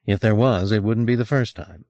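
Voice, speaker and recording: A man's voice: moderate pace, mellow, no room sound. Man reading a novel from an old cassette. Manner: voices each character with raised pitch. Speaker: audiobook narrator. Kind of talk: audiobook reading. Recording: dull lo-fi cassette recording.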